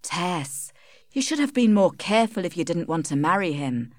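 A woman's voice: lowish voice, very animated, normal speed, no room sound, studio quality. A woman doing an eager poor country mother. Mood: scolding.

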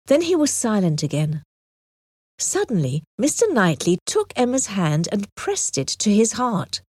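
A woman narrating an audiobook with clear, expressive storytelling. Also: mid-range voice, moderate pace, dry recording, clean studio sound.

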